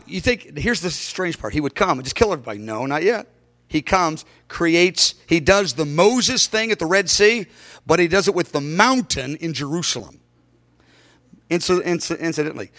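A man's voice: high voice, bright, forceful tone. A middle-aged man preaching a sermon emphatically, acting out quoted lines.

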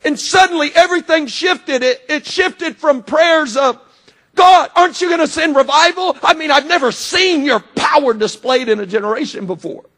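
Middle-aged guy preaching, super high voice, gets real loud and shouty then drops quiet. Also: moderate pace. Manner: impassioned, often shouting, dramatic swings in volume. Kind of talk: sermon.

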